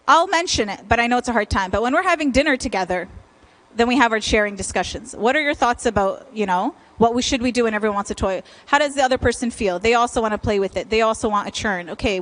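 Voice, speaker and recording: A woman's voice: a little high, fairly bright tone, low-quality recording. A woman leading an informal church parenting talk and answering questions in a conversational way.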